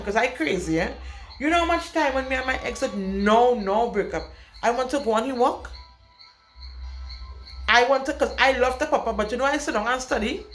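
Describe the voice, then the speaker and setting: A woman's voice: sits high, fairly bright tone. A young woman, vlogging an emphatic, blunt rant to camera, repeating her points for weight. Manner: emphatic, repetitive, speaks her mind bluntly. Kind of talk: casual storytime rant to camera. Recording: echoey room with faint background noise.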